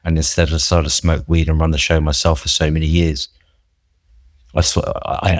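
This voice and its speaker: A man's voice: sits low, dry recording, studio quality. A man, a podcast guest, telling his recovery story in an earnest, reflective, rambling way with many restarts.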